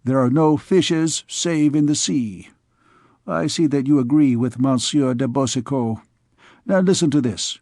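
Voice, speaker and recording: A man's voice: medium pitch, a little slow, a little mellow, dry recording, studio quality, lightly acted. A man reading as a peevish, ailing old king. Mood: dry. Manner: querulous, peevish outbursts. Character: ailing, anxious, stingy medieval king, man. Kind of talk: audiobook character reading.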